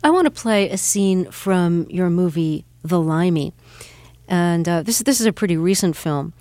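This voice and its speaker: A woman hosting an interview, asking measured, carefully framed questions. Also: lowish voice, expressive, warm tone. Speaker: interviewer, radio host.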